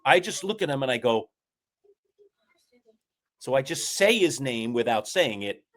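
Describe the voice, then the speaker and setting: A male talk show host tells a long story in casual chat, full of emphatic asides. His pitch swings widely and animatedly from one phrase to the next, around a moderate middle. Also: sing-song, unhurried.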